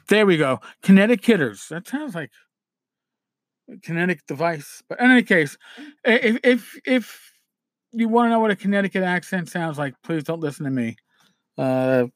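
A man's voice: on the high side, dry recording. Rambling New York man, dry sound. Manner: rambling, self-correcting. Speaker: podcast host. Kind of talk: casual solo chat.

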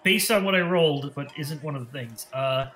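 A man's voice: on the high side, lively intonation, fairly quick, fairly bright tone. A man narrating a tabletop game as game master, rambling and correcting himself with lots of fillers.

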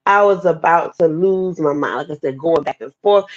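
A woman telling a personal testimony story in a lively, expressive way, talking straight to her listeners. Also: low-pitched, normal speed. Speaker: guest speaker sharing testimony. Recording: dull lo-fi podcast audio.

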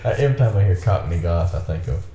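A man's voice: deep voice, lively intonation, fast, mellow. A man co-hosting a casual movie commentary chat, giggly and rambling, often restarting his thoughts. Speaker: podcast co-host. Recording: echoey room with faint background noise.

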